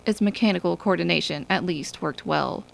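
A woman reading an audiobook in a measured, even storytelling manner. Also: lowish voice, creaky, low-quality recording. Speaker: audiobook narrator. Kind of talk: scripted narration.

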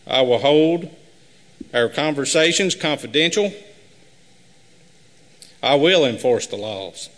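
A man running for sheriff, reading a prepared campaign speech at a live forum in an earnest, measured way. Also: a little high, animated, fairly bright tone. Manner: earnest, measured, repetitive pledges. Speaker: sheriff candidate. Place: high school forum hall. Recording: live hall with long reverb.

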